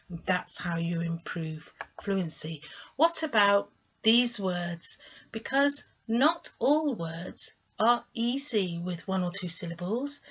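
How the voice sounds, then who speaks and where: A woman tutor teaching English pronunciation, sounding out syllables clearly and encouraging the learner. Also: medium pitch, a bit bright. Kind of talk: teaching phonics lesson to camera. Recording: slightly dull lo-fi sound.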